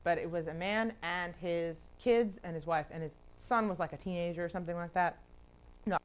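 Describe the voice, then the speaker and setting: Leading a relaxed Bible study, a woman talks at a moderate pace in a lowish, clean-toned voice. She's chatty and quick to laugh, fills her speech with "like," and imitates the people she's quoting.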